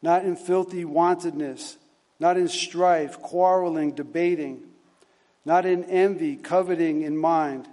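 A man preaching a sermon, retelling a story and reading scripture in a halting way, with many repeated words and fillers. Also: a little high, fairly even intonation, dark tone, long reverb tail.

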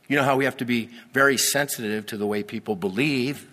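A man's voice: medium pitch, fairly quick, few pauses, fairly bright tone, big-room sound. A man preaching a sermon, reading scripture with emphatic, teasing asides. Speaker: pastor.

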